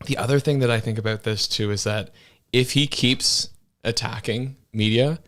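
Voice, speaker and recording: A man's voice: mid-range voice, fairly even intonation, normal speed, fairly bright tone. A man co-hosting a casual political talk show, speaking loosely with lots of "like" and frequent chuckles. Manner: loose and chatty, many "like" fillers, chuckling. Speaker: co-host of a political talk stream.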